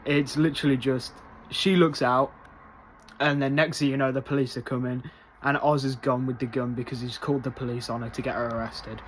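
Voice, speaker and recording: Man, casual review, rambling with fillers, mid-pitched voice, faint hiss behind. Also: a little fast. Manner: rambling, many fillers, gets loudly excited.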